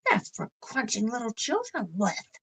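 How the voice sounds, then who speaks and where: A woman voicing a sly, scheming wolf who talks in a smooth, coaxing, falsely friendly way. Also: on the high side, wildly swooping pitch, moderate pace, pitched above the performer's own voice, heavily acted, rough recording.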